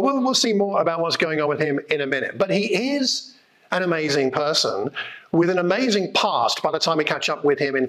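A man delivering a sermon with the easy feel of a story told to friends. He keeps it animated and lively, dropping in casual asides. His voice sits a little on the higher side. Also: low-quality recording. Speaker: preacher.

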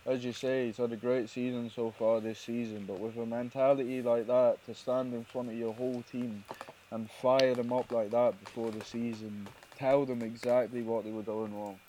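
A man's voice: mid-range voice, little pitch movement, normal speed, dark tone, slight background noise, low-quality recording. A man co-hosting a sports podcast in casual chat, thoughtful and often restarting his words. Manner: thoughtful, stumbles and repeats words.

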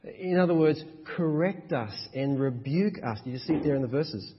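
A man's voice: fairly high pitch, expressive, normal speed, a little hiss or hum. A man preaching a sermon as a pastor, with emphatic, rhythmic repetition. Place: church hall. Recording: dull echoey church hall.

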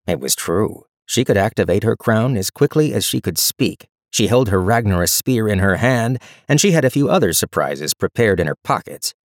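A man narrating a fantasy short story in a measured, even storytelling voice. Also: lowish voice, no echo, clean studio sound. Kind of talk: audiobook narration.

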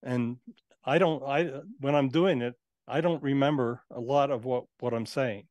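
A man's voice: medium pitch, normal speed, darkish tone, no room sound. A man who works as a spirit channeler, a guest on an interview show, telling his experiences in a casual, earnest, matter-of-fact way.

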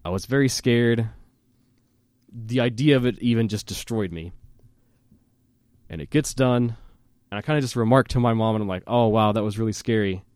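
A man hosting a podcast, telling a childhood story in a casual, animated way, with fillers and laughing at himself. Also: mid-range voice, moderate pace, pauses often, no room sound, studio quality. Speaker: podcast host.

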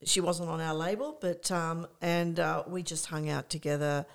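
An older woman, a guest in a casual interview, telling lively anecdotes with many restarts and fillers. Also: deep voice, moderate pace, clean tone. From Australia.

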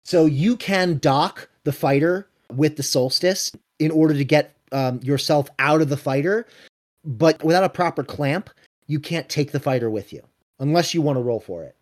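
A man running a tabletop role-playing game, narrating scenes and calling rolls in a brisk, matter-of-fact way. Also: on the high side. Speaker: game master.

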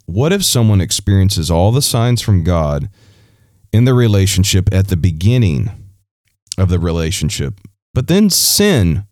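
A podcast host answers a listener's question on his Christian advice show in a conversational, preacherly style, full of "you know" and restarts. His voice sits low with a darkish tone, recorded cleanly in a studio without echo.

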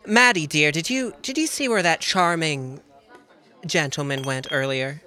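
A man's voice: fairly high pitch, a little slow, sharp tone. A man voicing a refined, genteel woman who speaks in a polite, sweetly courteous way.

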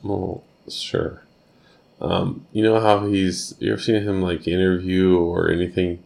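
A man's voice: low voice, level tone, unhurried, creaky, a little mellow. A tipsy man co-hosting a casual podcast, rambling and laughing often as he answers questions. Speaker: podcast co-host. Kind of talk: casual chat.

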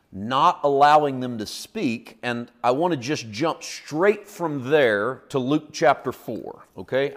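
A man preaching a sermon as pastor, teaching earnestly and building to emphatic points. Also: mid-range voice. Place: church.

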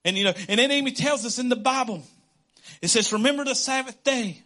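A pastor delivers a relaxed, conversational sermon. His voice sits high and sounds bright and forceful, and he acts out little quotes along the way. The tone stays chatty and animated. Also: fairly quick. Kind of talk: casual sermon.

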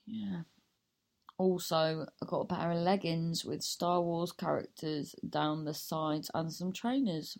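Slow, gravelly woman comedian rambling. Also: low-pitched, a little mellow. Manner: rambling, self-mocking, loses her thread. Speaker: comedian and podcast host. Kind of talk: casual podcast sign-off.

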